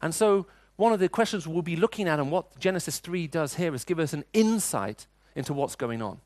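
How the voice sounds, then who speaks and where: A man's voice: a little high, lively intonation, brisk, a little mellow, no room sound. A middle-aged man preaching a sermon, telling personal stories in a conversational way. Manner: storytelling, conversational, frequent restarts.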